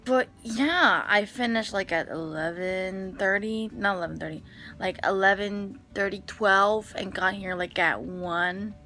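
A woman talks straight to camera in a bright, clear voice. She rambles through her day, full of "like" and restarts, over faint music. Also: mid-range voice, a little slow. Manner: rambling, filler-heavy storytelling. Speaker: vlogger. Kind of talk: casual chat to camera.

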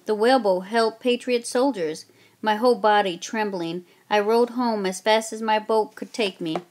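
A woman narrating a children's historical story in a steady, plain reading voice. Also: mid-range voice, moderate pace. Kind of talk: reading a children's book aloud.

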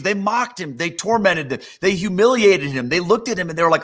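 A middle-aged man preaching a sermon in a conversational, animated storytelling manner, acting out quotes. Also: a little high, a little fast.

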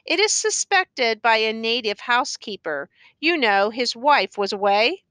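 A woman's voice: a little high, animated, bright, forceful tone, clear, resonant tone, no room sound. A woman reading a grave, formal police captain. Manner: measured, formal, dutiful.

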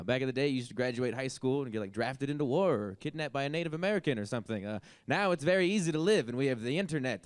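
A man's voice: on the high side, clear, resonant tone, no room sound. Rambling young man doing stand-up. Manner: rambling, offhand, heavy on filler words. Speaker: stand-up comedian. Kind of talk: stand-up comedy set. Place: comedy stage with a live audience.

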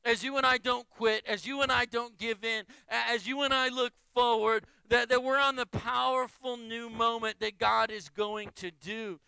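A man's voice: very high voice, steady tone, moderate pace, vocal fry, few pauses, bright, forceful tone, clear, resonant tone, no echo, rough recording. A male pastor preaching a sermon with emphatic phrases that he repeats in building lists.

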